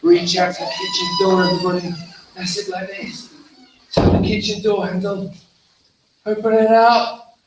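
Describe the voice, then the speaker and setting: With a voice that sits high, this man runs an interactive storytelling session for kids in a school hall, moving at a moderate pace with frequent pauses. He animatedly acts out the story and calls for responses, heard through a distant mic in an echoey room with slight noise.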